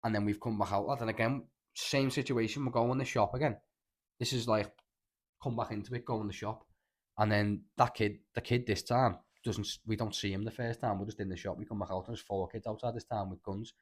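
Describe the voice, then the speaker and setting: A man's voice: lowish voice, fairly even intonation, brisk. A man with a Liverpool accent, co-hosting a casual podcast and telling a long story in a rambling way, full of filler words and swearing. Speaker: podcast co-host.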